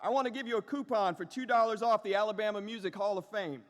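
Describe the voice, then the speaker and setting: A man voicing an elderly Southern woman clerk, calling out loudly in a Southern accent, in a hall with long reverb. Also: high-pitched, fast talker, voice pushed up. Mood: cheerful. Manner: loud calling out.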